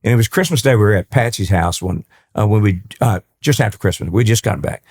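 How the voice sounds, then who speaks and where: A man's voice: lowish voice, expressive, fast talker, darkish tone. A man in his sixties with a Texan accent, a country singer telling folksy stories as a podcast guest, often repeating words as he goes. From East Texas. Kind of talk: storytelling in a podcast interview.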